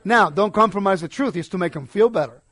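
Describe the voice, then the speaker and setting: A man preaching a sermon, emphatic, swinging between quiet asides and loud declarations. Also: high-pitched, quick pace.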